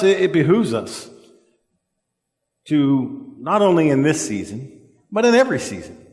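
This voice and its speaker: A man preaching a sermon in a church. He talks earnestly and haltingly, with frequent fillers, and slows down to stress key words. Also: mid-range voice. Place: church sanctuary. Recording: echoey church hall.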